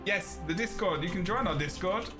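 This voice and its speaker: A man's voice: high voice, normal speed, music in the background. A man hosting a gaming podcast in casual chat, rambling and joking between plugs. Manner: rambling, jokey, laughs often. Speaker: podcast host.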